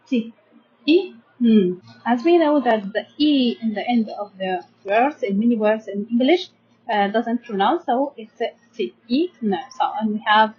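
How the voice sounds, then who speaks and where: A woman's voice: fairly high pitch, lively intonation, a little slow, breathy edge. A young Egyptian woman teaching primary science, patiently sounding out words syllable by syllable and checking in with her students. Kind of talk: slow classroom explanation to children. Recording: dull lo-fi sound.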